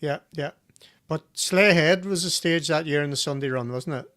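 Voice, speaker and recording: A man's voice: on the high side, normal speed, a bit bright. A man hosting a chat, dropping short prompts and affirmations to his guest. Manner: brief interjections and prompts. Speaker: host. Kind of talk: casual interview chat.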